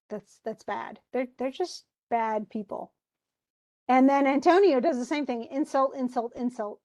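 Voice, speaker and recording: A woman's voice: fairly high pitch, darkish tone. A woman lecturing a class on a play in a chatty way, often restarting and reading lines aloud with emphasis. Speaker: teacher.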